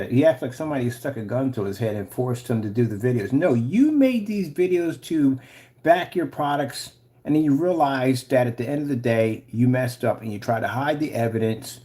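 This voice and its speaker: A man delivers a heated, sarcastic rant for his video channel, his pitch jumping up and down as he mocks. His voice sits at an ordinary middle pitch but swings widely. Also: warm tone. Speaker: channel host. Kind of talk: ranting commentary video.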